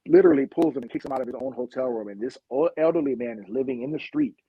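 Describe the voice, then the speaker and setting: A man's voice: mid-range voice, wildly swooping pitch, very fast, vocal fry, breathy edge, no echo, highs cut off. A man from Long Beach, a police officer guest on a podcast, telling street stories in a blunt, impassioned way. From Long Beach, California. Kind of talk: podcast interview storytelling.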